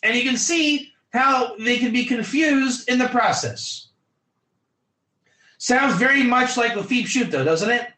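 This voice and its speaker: A man's voice: extremely high pitch, animated, measured pace, sharp tone, roomy sound, low-quality recording. A man, a rabbi, teaching an online class, acting out little scenes and calling on students to type their answers. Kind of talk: lively online Torah class.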